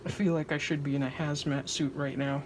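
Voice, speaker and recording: A woman with a low voice and flat delivery narrates her craft project fairly quickly in a casual vlog. Though her tone is flat, her words are anxious, dramatic, and self-deprecating, recorded noisily at home.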